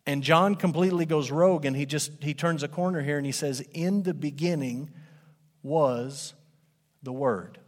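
A man preaching a sermon as pastor, animated and conversational, speaking to a congregation in a church. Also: medium pitch. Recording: long hall reverb.

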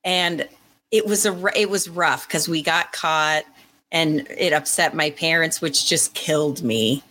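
Bright-voiced, lively woman in her forties. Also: low voice, a little slow. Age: 40s. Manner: animated storyteller, laughs often. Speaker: podcast co-host. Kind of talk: casual chat.

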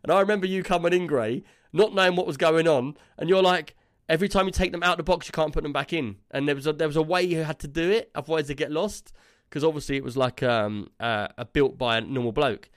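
A man chats on a gaming podcast, slightly high-pitched and recorded dry and close on a studio mic. He rambles through a story with lots of fillers and gets animated as he goes. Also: fast talker, no room sound. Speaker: podcast co-host. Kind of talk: casual gaming podcast chat.

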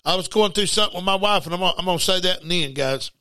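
A middle-aged man, preaching an informal broadcast sermon in an animated way, repeating words and bursting into shouts. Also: high-pitched, racing, dry recording.

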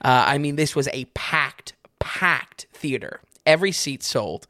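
A man co-hosting a podcast, reviewing films in casual chat, wry and quick to laugh at his own stories. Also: mid-range voice, expressive, bright, forceful tone, dry recording, clean studio sound. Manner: wry, laughs often while telling stories. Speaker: film reviewer, podcast co-host.

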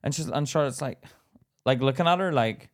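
In casual podcast chat, a British co-host recounts a story with animation, mimicking others in a sing-song voice along the way. His voice is medium-pitched and his pace a little fast.

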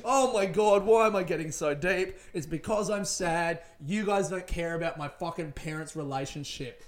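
A man's voice: on the high side, normal speed. A young man rambling through a personal childhood story in casual, profane chat, often laughing as he talks.

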